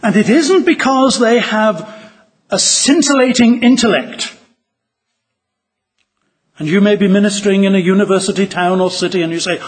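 Male preacher, sermon, earnest, measured, husky, high voice. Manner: earnest, measured delivery with dramatic reading aloud. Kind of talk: sermon to ministers.

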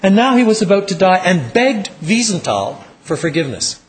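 Animated male preacher telling a story. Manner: dramatic storytelling, drops low for emphasis, slows on key words. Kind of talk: sermon.

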